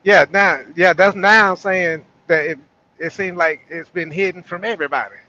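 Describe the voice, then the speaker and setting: A man with a bright, sharp voice and a slightly high pitch chats easily on a podcast, asking questions as he goes. The line is dull and lo-fi, with faint noise behind him. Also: fairly even intonation, normal speed. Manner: easygoing, chiming in with questions. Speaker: podcast co-host. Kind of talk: casual conversation.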